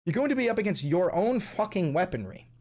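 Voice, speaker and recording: A man's voice: high-pitched, big pitch swings, fairly quick, darkish tone. A man hosting angry political commentary, talking in a heated, profane and sarcastic way.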